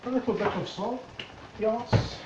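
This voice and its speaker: A man's voice: sits high, a little slow, roomy sound, far from the mic, dull audio, noisy background, pitched above the performer's own voice. A man putting on a playful Jamaican Caribbean accent, stretching and repeating his words in a sing-song way. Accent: put-on Jamaican Caribbean.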